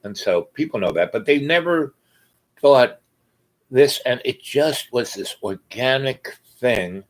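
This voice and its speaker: A vlogger talks casually to his viewers in a slow, expressive, medium-pitched voice. He wanders through a story full of fillers and restarts, often laughing in the middle of sentences.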